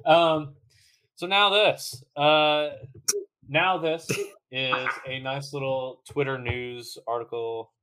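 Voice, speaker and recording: A man's voice: medium pitch, steady tone, slow, a bit bright, a little hiss or hum. Laid-back chatty male podcast host. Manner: laughs often, swears, restarts sentences. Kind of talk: casual chat.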